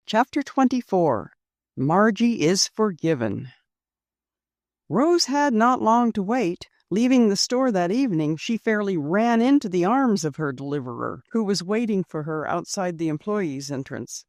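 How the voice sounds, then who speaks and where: A woman narrating a classic girls' story as an audiobook reader, with expressive storytelling. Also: fairly low pitch, moderate pace, no room sound, studio quality. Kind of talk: scripted narration.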